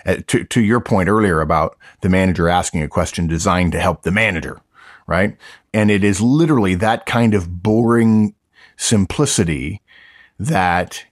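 A man's voice: low-pitched, normal speed, no echo, studio quality. A man co-hosting a casual chat, explaining an idea thoughtfully with frequent restarts. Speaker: co-host, management consultant.

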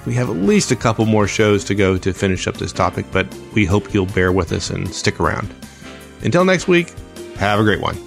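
A man with a low, gravelly voice closes out a podcast episode in a friendly, upbeat way. Music plays clearly underneath him as he signs off. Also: very animated, a little fast. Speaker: podcast host.

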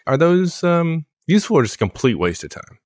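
A man's voice: on the high side, big pitch swings, brisk, a little mellow, dry recording, studio quality. A man co-hosting a podcast, asking questions in a conversational way. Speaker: podcast co-host. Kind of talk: casual podcast talk.

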